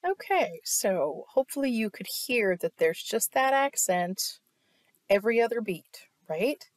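A woman's voice: on the high side, expressive, unhurried. A woman teaching an online music theory lesson, explaining step by step and often checking in with "right?". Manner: explanatory, asks "right?" often, claps to demonstrate.

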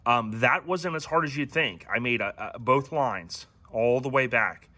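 Guy showing off his old car, bright voice, kinda rambly and laid back. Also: mid-range voice, measured pace. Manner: relaxed and rambling, many ums and restarts. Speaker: classic car owner and channel host. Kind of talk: casual how-to walkaround.

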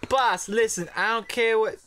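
A man's voice: sits high, moderate pace, a bit bright, clear, resonant tone, soft background music, pitched above the performer's own voice. A man voicing a loyal young mafia henchman, earnest and apologetic, in close to his own voice. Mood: pleading.

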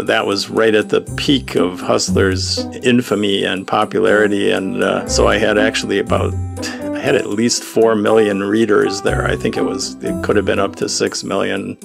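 Gravelly older man, wry storyteller. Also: on the low side. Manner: wry, chuckles between remarks. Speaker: political cartoonist. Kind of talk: reflective storytelling monologue. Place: outdoors among trees and bushes.

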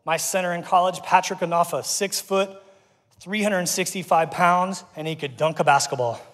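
A middle-aged man preaching a lively, conversational sermon to a congregation, breaking off and restarting his sentences. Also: high voice, normal speed. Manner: energetic, conversational, self-interrupting. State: getting out of breath. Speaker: pastor. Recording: reverberant church hall.

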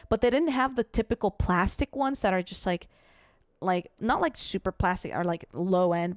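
Young female streamer, offhand self-deprecating chat, faint game music under her. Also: mid-range voice. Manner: self-deprecating, swears casually. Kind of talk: casual gaming stream chat.

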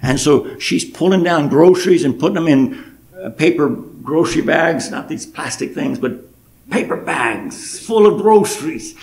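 A pastor, preaching a sermon and telling a personal story with emotion. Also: male voice, a little high, gravelly. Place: church sanctuary.

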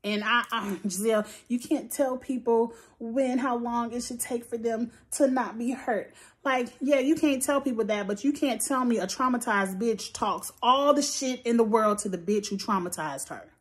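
A woman's voice: on the high side, moderate pace, few pauses. Blunt, profane woman vlogger. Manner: blunt, profane, animated storytelling. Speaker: reality TV recap vlogger. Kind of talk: casual opinionated commentary.

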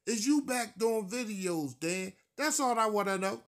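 A man's voice: high-pitched, lively intonation, measured pace, fairly bright tone. A man ranting to the camera in a taunting, profane, mocking way. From Philadelphia. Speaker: YouTuber. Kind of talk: comedic rant to camera.

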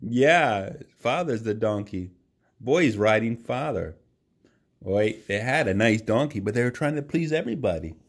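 A man's voice: mid-range voice, breathy edge. A man reading a picture book aloud to a child. He does voices for the characters and stops to chat with the child about the pictures. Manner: slow, lively read-aloud, voices for the characters, chats with the child.

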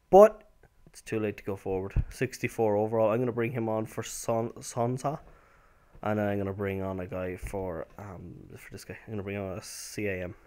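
A young man talks loosely through a football video game as he plays, wandering off on tangents with plenty of fillers and restarts. He breaks into sudden excited shouts when a shot goes in. His pitch sits in an ordinary middle range for a man. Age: young adult. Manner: rambling, with sudden excited outbursts. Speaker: gameplay commentator. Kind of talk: casual gameplay commentary.

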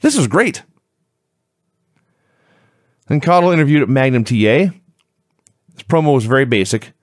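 A man's voice: mid-range voice, expressive, unhurried, no echo, clean studio sound. Easygoing man recapping events. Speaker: podcast co-host. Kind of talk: casual review chat.

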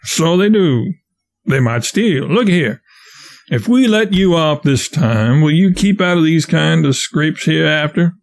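Man voicing a raftsman boss, gruff, blunt, commanding, slightly high-pitched. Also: expressive, measured pace. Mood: stern. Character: gruff grown raftsman boss, stern but fair.

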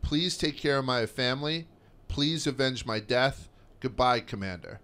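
A man's voice: mid-range voice, fairly bright tone, smooth, lightly acted. A man putting on a grave Russian soldier. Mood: solemn. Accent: put-on Russian. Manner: solemn, measured farewell. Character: doomed young male Russian soldier, grave and dignified.

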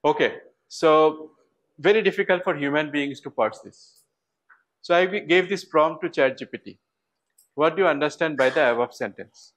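A man's voice: fairly high pitch, normal speed, a bit bright. A man with an Indian English accent giving a university lecture, who asks the class questions and repeats words for emphasis. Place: lecture hall.

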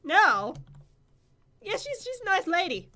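Young woman co-host for casual game chat; high, lively delivery, playful. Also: slow pace. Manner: playful, giggly, teasing. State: recovering from illness. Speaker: co-host playing a video game.

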